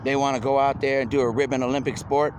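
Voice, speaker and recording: A man's voice: mid-range voice, fast talker. Rambling man talking outdoors, noisy. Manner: rambling, excitable, repeats himself. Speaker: video blogger.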